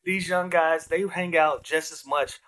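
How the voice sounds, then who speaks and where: A man as a guest on a basketball podcast, telling stories in a relaxed, animated way. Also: on the high side, measured pace. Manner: relaxed, animated storyteller, frequent fillers. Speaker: guest, retired basketball player. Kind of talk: casual interview storytelling.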